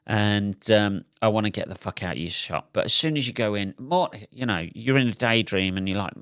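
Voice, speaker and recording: A man's voice: on the low side, a little fast, a bit bright, smooth, dry recording, studio quality. A man hosting a solo podcast, telling an exasperated, sweary comic story. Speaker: podcast host. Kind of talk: solo comedic rant.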